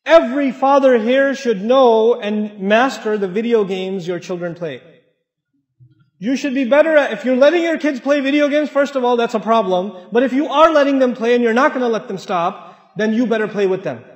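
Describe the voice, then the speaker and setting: High-voiced man preaching in an echoey hall. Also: normal speed. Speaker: Islamic speaker. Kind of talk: sermon to a mosque audience. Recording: echoey hall, dull lo-fi sound.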